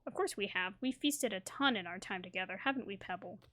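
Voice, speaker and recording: A chirpy, cheerful little companion, read by a woman with a lighter, upbeat delivery. The voice rises brightly on questions. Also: medium pitch, fairly quick, lightly acted. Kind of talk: reading game dialogue aloud.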